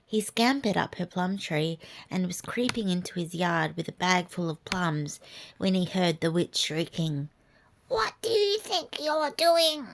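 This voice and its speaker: A woman reading a fairy tale aloud, softly and half-whispered. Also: on the low side, a little slow, gravelly, slight background noise. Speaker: storyteller. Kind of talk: storybook reading.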